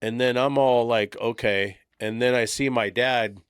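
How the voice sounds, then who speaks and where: A man's voice: medium pitch, a little slow, smooth, dry recording. Middle-aged guy on a podcast mic, swears a lot, acts out everyone in his story, dry sound. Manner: profane, animated storyteller acting out quotes. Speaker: podcast host. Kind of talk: casual storytelling chat.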